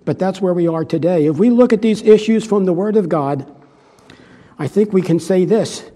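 A preacher delivers an earnest sermon, hammering points home through repetition. His voice sits high for a man, with a mellow, dark tone. A long reverb follows his words, as if he were in a large hall. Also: moderate pace. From United States. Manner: emphatic, earnest, repeats phrases for stress.

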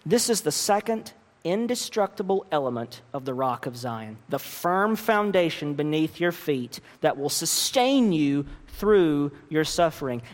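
Slow, emphatic male preacher in a hall. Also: on the high side, big pitch swings. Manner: earnest preaching with emphatic rises. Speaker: pastor. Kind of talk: sermon. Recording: long reverb of a large hall.

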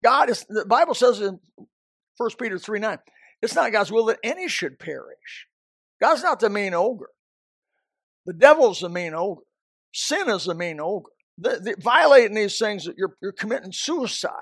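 A man's voice: high-pitched, expressive, moderate pace, fairly bright tone, slightly rough, no echo, studio quality. A man preaching a sermon as a pastor, emphatic and repetitive, often restarting his sentences.

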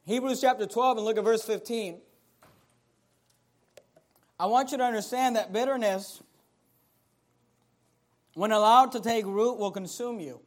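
A man preaching a sermon as pastor, emphatic, rising to shouts and dropping almost to a hush, and repeatedly putting questions to the congregation. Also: sits high, a little slow, long pauses. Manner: emphatic, swinging from shouting to near-quiet.

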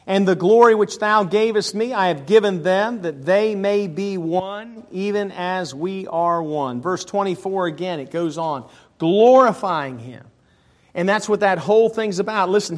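A man preaching a sermon as a pastor in a church. He shifts between casual asides, personal stories and slower, louder scripture reading. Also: sits high. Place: church sanctuary.

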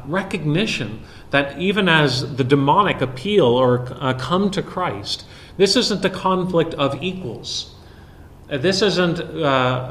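A man preaching an expository sermon, explaining a Bible passage verse by verse with frequent pauses. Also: fairly high pitch, fairly bright tone.

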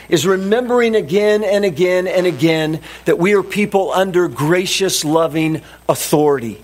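A man preaching a sermon as a pastor, deliberate and emphatic, repeating his key phrases. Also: a little high.

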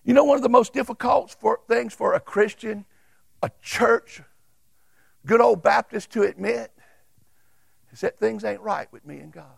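A man, preaching a sermon as a Baptist pastor and reading scripture aloud with emphatic pauses. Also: high voice, gravelly, husky, dry recording.

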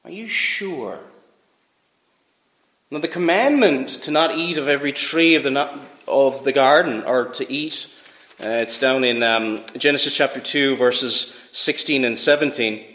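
A man's voice: medium pitch, normal speed, a bit bright, reverberant. A man preaching a sermon, asking rhetorical questions and reading scripture aloud with emphasis.

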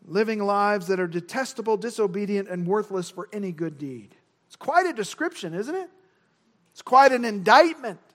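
A man with a strikingly high voice preaches a sermon. He lands his points with emphasis and drives them home by repeating key words. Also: expressive, normal speed. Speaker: pastor. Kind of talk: expository sermon.

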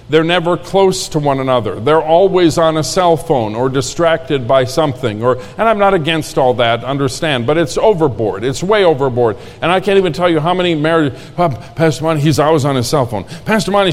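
Male pastor, sermon, earnest and folksy, slightly high voice, long church reverb. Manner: earnest, folksy, repeats key lines. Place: church sanctuary.

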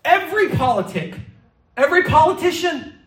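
A man preaching a sermon in a church hall, lively and theatrical, sometimes slipping into mock-panicked voices. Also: very high-pitched, normal speed, far from the mic. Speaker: pastor.

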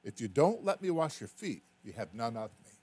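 A preacher voicing a gentle, patient savior. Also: male voice, mid-range voice, sing-song, brisk, husky.

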